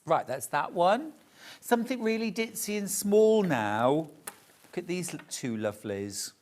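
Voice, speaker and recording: A presenter chats through a live televised sale, gushing over every fabric. The delivery is slow and easy, with a sing-song pitch that rises and falls a lot. The tone stays warm and conversational throughout. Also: sing-song. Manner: chatty, gushes over the fabrics. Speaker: shopping channel presenter.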